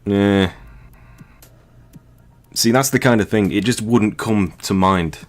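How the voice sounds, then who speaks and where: Deep-voiced guy, joking game commentary. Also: slow, soft background music. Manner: joking, crude and rambling. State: dry, sore throat. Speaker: game streamer. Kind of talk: casual let's-play commentary.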